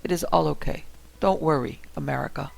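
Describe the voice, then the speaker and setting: A man's voice: a little high, fairly quick, creaky. A man voicing a frightened Russian male driver who talks with a Russian accent and forces an upbeat tone. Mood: forced cheer. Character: Russian male driver, scared, feigning cheer.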